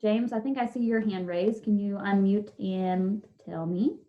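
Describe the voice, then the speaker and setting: Woman teacher, online class, slow careful dictation, encouraging; middle pitch, muffled lo-fi call audio. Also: steady tone. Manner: slow, drawn-out dictation of words; patient, encouraging. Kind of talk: online spelling lesson. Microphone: video call. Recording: dull lo-fi video call audio.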